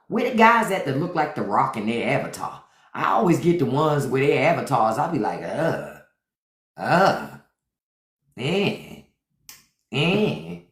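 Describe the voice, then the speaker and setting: Sassy blunt woman livestreaming in a roomy echo. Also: lowish voice. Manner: sassy, blunt, brushes off trolls. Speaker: livestream host. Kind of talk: unfiltered live-stream chat. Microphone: phone for a live stream.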